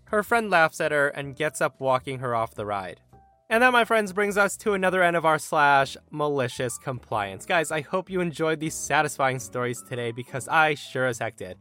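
Man, podcast host, story narrator, animated, expressive, bright voice, lively pitch. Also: moderate pace, faint music behind. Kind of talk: reading internet stories aloud.

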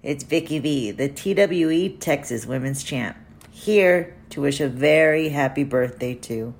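A woman wrestler giving a recorded birthday shout-out with playful trash talk. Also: low-pitched, a little slow. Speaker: pro wrestler.

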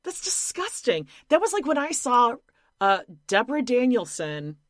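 A woman's voice: on the high side, moderate pace, no echo, studio quality. A woman co-hosting a podcast, recapping a reality show in blunt, mocking casual chat. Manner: blunt, animated and mocking, with lots of swearing and laughter. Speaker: podcast co-host.

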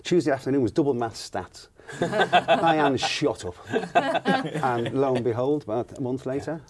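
A man's voice: medium pitch, animated, measured pace, over a noisy crowd. A man, a guest telling stories with chuckles in casual chat. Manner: chatty, laughing anecdotal storyteller.

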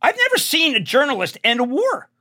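A man in his sixties talks in a high, bright voice that swoops up and down. He rambles excitedly through his stories and climbs to near-shouts when worked up. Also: brisk. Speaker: guest. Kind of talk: animated conversation.

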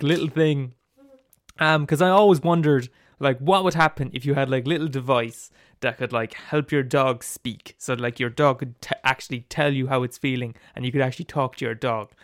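A man's voice: medium pitch, fairly even intonation, moderate pace, no room sound, clean studio sound. A man giving a rambling, casual comic monologue full of fillers and ironic gushing. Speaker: sketch comedian.

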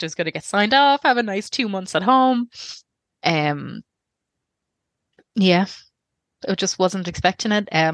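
A low-pitched Irish woman in her thirties recounts her own experience as an interview guest. She talks candidly and rambles, breaking off and restarting her thoughts. The recording is dry and close. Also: a bit bright, dry recording. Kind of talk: personal storytelling interview.

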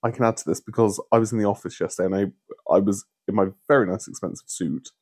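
A man's voice: fairly low pitch, fairly even intonation, quick pace, a little mellow. A man co-hosting a podcast, chatting casually with a wry, mock-indignant manner. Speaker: podcast co-host. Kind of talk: casual chat.

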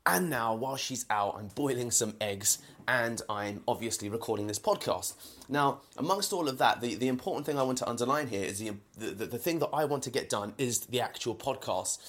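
A man's voice: mid-range voice, animated, brisk, fairly bright tone. Rambling London man podcasting solo. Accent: London English. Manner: rambling, many fillers and repeated starts. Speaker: podcast host. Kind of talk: casual solo podcast monologue. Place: indoors in a home kitchen while boiling eggs.

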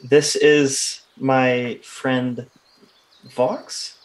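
Hesitant male player speaking in character, mid-pitched voice. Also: level tone, very slow, rough recording. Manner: hesitant, lots of uhs and restarts. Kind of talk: in-character role-play.

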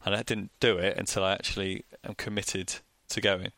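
A man's voice: low voice, little pitch movement, normal speed, gravelly, sharp tone, no echo. A man co-hosting a podcast, chatting casually and explaining things in an easygoing, earnest way. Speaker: podcast co-host.

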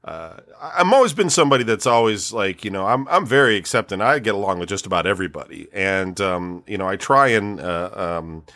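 A man in his forties chatting casually, his voice sitting a little low. He rambles frankly, swears without a second thought, and leans on plenty of fillers as he talks things through. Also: animated, fairly quick, few pauses, a bit bright. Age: 40s. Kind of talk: casual chat.

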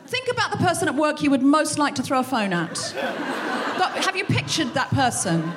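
A woman hosting a live show, delivering an animated, sweary comic monologue on stage. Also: high voice, moderate pace, crowd noise, noisy background. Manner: animated, sweary, acts out quoted voices. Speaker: podcast host.

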